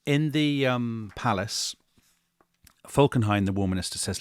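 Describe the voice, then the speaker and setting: A man tells history with real drama, co-hosting a podcast and throwing himself into the story. His pitch sits in the middle range for a man. The sound is dry and close. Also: measured pace, clear, resonant tone, no room sound. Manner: animated, dramatic retelling with quoted voices. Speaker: podcast co-host.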